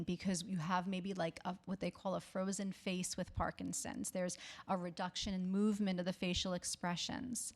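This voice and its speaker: A woman's voice: mid-range voice, fairly even intonation, normal speed. A woman speech therapist giving a health talk to the public, reassuring and often checking in with "okay?". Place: library talk.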